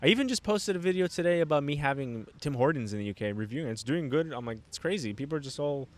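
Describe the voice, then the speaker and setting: A young man telling a story in casual podcast chat, rambling and animated, with lots of fillers and restarts. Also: on the high side, fast. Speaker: podcast guest.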